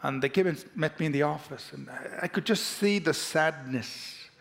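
A man's voice: on the high side, normal speed, gravelly, a bit bright. A pastor preaching a sermon, leading his congregation in repeated declarations with emphatic call-and-response. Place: church sanctuary.

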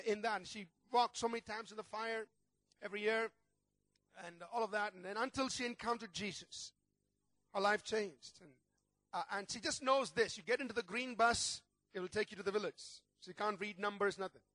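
A man's voice: sits high, fairly bright tone, dry recording. A man preaching a sermon as pastor, telling a story earnestly and building to fervent prayer.

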